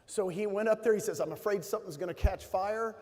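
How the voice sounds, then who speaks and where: A man's voice: sits high, fast talker, a little mellow. Man telling stories in a reverberant hall. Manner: emotional storytelling, rising to emphatic bursts. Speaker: motivational speaker. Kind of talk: motivational talk to an audience.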